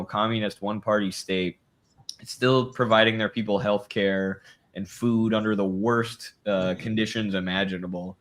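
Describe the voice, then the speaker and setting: A man co-hosting a podcast, chatting casually and profanely about politics, rambling and quick to laugh. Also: lowish voice. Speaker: podcast co-host.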